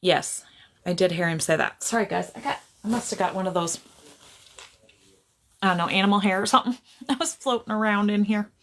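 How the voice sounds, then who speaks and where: Gravelly-voiced woman psychic medium on a livestream. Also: medium pitch, fairly quick, pauses often. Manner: laughs often, keeps apologizing, easily sidetracked. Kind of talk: casual livestream chat. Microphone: camera on a tripod.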